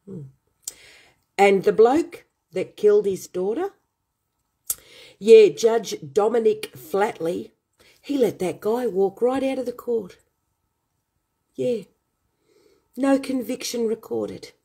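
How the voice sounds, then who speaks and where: A woman rants on her own livestream, her voice husky and dark in tone. She drags her words out slowly, spitting insults and firing rhetorical questions at viewers. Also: a little high. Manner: furious, scornful, hurls insults. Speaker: online show host. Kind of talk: angry ranting livestream monologue.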